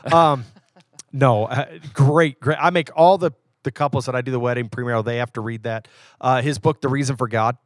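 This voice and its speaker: A man's voice: medium pitch, steady tone, brisk, no room sound, clean studio sound. A man, a pastor from West Virginia, chatting casually and easygoing on a podcast. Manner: easygoing, stops and restarts, warm enthusiasm. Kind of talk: casual chat.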